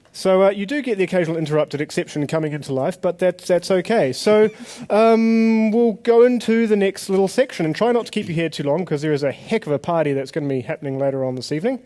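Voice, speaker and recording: Casting: playful male tech-conference host on stage, slightly higher voice, handheld mic. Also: darkish tone, slight background noise. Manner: jokey, playful, banters with audience. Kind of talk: comedic live stage presentation.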